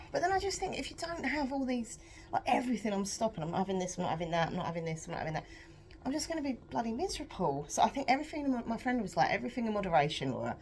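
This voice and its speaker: A young adult British woman chatting in a rambling, self-deprecating way on a home vlog, her voice a bit croaky, laughing often. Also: on the high side, big pitch swings, racing, a little mellow, slight background noise. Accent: British English. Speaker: vlogger. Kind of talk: casual confessional vlog chat.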